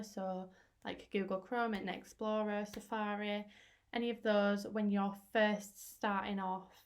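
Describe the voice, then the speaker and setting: A young woman teacher talking through a screen-recorded tutorial in a chatty, explanatory way with fillers, her voice going hoarse. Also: medium pitch. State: losing her voice.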